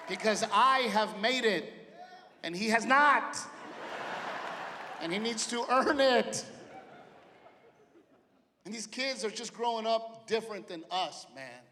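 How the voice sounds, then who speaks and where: A middle-aged man doing a stand-up set, loud and punchy, with sudden shouted punchlines. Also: high voice, lively intonation, slow pace, pauses often, slight background noise. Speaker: stand-up comedian. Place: large theater stage. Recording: live theater with long reverb and faint ambience.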